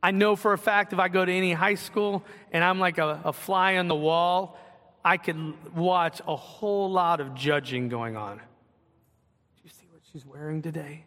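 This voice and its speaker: Male pastor, high bright voice, earnest conversational preaching, long reverb of a church hall. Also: moderate pace. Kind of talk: sermon. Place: church sanctuary.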